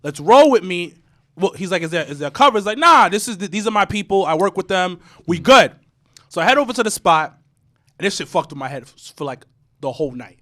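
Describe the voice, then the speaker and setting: Man, high voice, bright tone, animated storyteller, frequent restarts, casual podcast. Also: a little fast. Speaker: podcast co-host. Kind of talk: casual chat.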